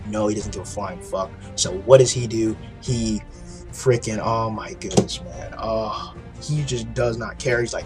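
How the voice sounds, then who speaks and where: Excited, swearing man reviewing a show. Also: lowish voice, a little slow, music in the background. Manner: excited, profane storytelling with frequent restarts. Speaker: TV episode reviewer. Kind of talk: casual video review.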